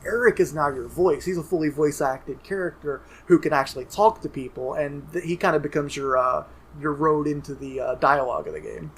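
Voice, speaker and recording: Chatty higher-voiced podcast guy. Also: a little fast, hardly any pauses, fairly bright tone, a little hiss or hum. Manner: chatty, rambling with restarts. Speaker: podcast co-host. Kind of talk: casual gaming podcast chat.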